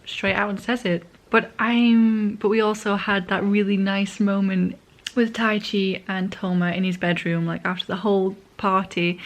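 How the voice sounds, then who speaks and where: A woman talks through a manga story in a loose, rambling vlog chat. She corrects herself as she goes and eats while talking. Her pitch sits in the middle of the usual range. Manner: rambling, chatty, self-correcting. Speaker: vlogger. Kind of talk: casual manga reading recap.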